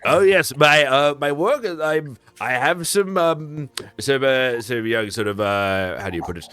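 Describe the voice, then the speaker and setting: A man's voice: mid-range voice, lively intonation, a bit bright, smooth, pitched above the performer's own voice. A man voicing a jovial, chatty merchant who rambles and stumbles over his words. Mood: rambling. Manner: eager, rambling, halting.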